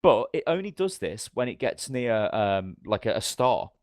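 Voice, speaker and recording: A male podcast co-host rambles through lengthy stories in an offhand chat, cursing liberally and acting out what other people said. He has a fairly low, darkish voice with wide pitch swings and a moderate pace, recorded dry at studio quality.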